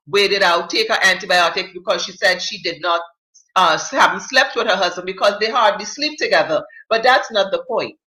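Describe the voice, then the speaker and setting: A woman's voice: medium pitch, bright, forceful tone, reverberant, poor audio. A woman hosting a live talk show, reading viewer comments and giving blunt, emphatic opinions in casual slang.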